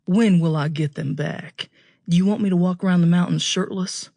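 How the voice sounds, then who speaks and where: A woman voicing a calm, protective young man in an audiobook, speaking in a gentle, laconic drawl. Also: lowish voice, moderate pace, gravelly, no echo, studio quality.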